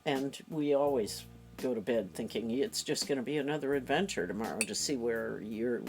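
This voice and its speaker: Female interviewee, deep unhurried delivery, supportive tone, light music bed. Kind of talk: casual interview.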